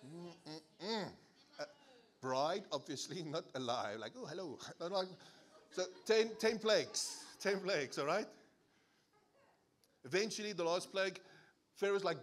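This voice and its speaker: At a church service, a male pastor with a South African English accent preaches a sermon, animatedly telling stories and acting out the voices. His voice is on the high side and his pace is moderate.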